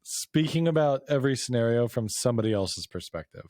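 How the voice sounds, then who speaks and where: A man talks quickly and warmly in a jokey back-and-forth, praising his friend and tossing in crude asides. His voice sits at a middle pitch. The recording is dry and close. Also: animated, dry recording. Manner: quick, joking and affirming, prone to crude bits. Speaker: podcast co-host. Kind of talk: casual chat.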